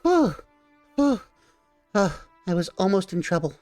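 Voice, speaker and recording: Shrill, panicky little green kobold servants for a tabletop game. The voice jumps far above his own and shouts in a frantic squeak. Faint music plays behind it, and the room sounds dry. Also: sing-song, a little slow, dry recording. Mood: relieved.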